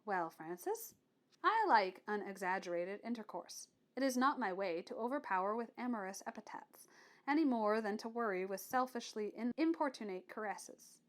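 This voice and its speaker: A woman voicing a reserved, stern male teacher who speaks in a measured, quiet way, in an audiobook reading of a classic novel. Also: medium pitch, expressive, close to an everyday voice. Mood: calm.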